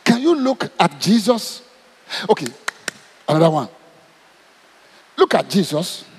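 A man's voice: high-pitched, measured pace, husky. A man with a Nigerian accent preaching a sermon, asking his congregation question after question. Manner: animated, asks the crowd questions. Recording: long hall reverb.

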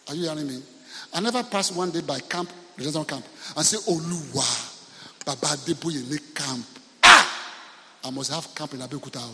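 A man's voice: on the high side, expressive, fairly quick, creaky, bright, forceful tone, long reverb tail. A man with a Nigerian accent, a pastor preaching a sermon in church, telling stories with humor and often asking the congregation questions.

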